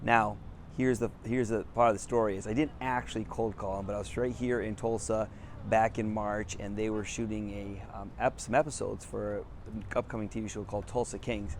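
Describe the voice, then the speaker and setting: A man's voice: on the low side, little pitch movement, fairly quick, a little hiss or hum. Middle-aged man, casual storyteller, self-deprecating, outdoors on a sidewalk. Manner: upbeat, laughs often, self-deprecating. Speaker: business coach.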